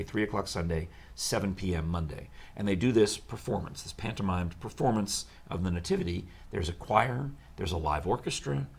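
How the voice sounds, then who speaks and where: A man's voice: deep voice, creaky, breathy edge. A man hosting a live chat show, telling stories in a chatty way and laughing often. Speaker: show host.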